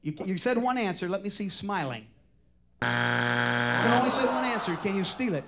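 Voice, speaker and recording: A man hosts a television game show in a high, lively voice that swings widely as he jokes with contestants. This is an archival broadcast, and a roaring studio audience can be heard behind him. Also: normal speed, vocal fry, over a noisy crowd. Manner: animated, joking, teasing contestants.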